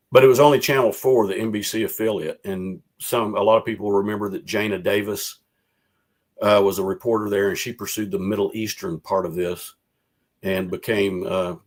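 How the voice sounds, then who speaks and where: A man, a former legislator and guest, talking on a video call and recounting events in a rambling way. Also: lowish voice. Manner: rambling, retells quotes in a lively voice. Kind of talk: casual storytelling over a video call.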